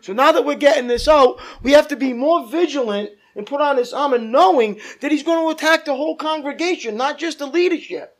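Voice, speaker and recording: A man's voice: very high voice, brisk, hardly any pauses. A male pastor leading a Bible study, teaching emphatically, repeating points and asking the group questions.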